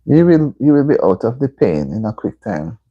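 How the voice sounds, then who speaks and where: A woman's voice: rumbling low, very animated, moderate pace, breathy edge, muffled recording. A Jamaican woman hosting a casual livestream, chatting with viewers and answering their comments with motherly advice. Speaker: livestream host. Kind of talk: casual live-stream chat. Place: indoor room at home.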